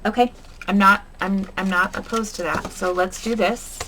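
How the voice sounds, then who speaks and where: In a steady, medium-pitched voice at normal speed, a woman chats casually on her crafting vlog. She hums and mutters to herself as she works, and the recording has noticeable background noise.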